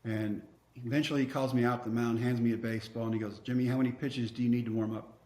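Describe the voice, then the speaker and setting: A man in his fifties from Texas, a podcast guest telling a story in an animated way, acting out dialogue with wry, self-mocking humor. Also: medium pitch, fast talker. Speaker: podcast guest, former pitcher. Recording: roomy echo.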